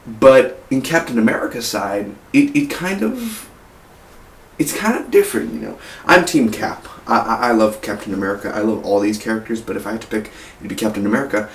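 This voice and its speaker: A man's voice: fairly low pitch, lively intonation, fairly quick. A man reviewing a movie in casual talk, rambling with many fillers and restarts. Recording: roomy echo, mic far off, faint hiss.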